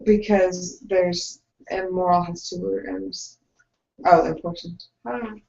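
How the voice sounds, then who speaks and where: A woman's voice: fairly low pitch, steady tone, takes it slowly, vocal fry, darkish tone. A woman co-hosting a casual discussion podcast, chatty and tangential, jumping in with asides. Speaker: podcast co-host. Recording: echoey, dull lo-fi room sound.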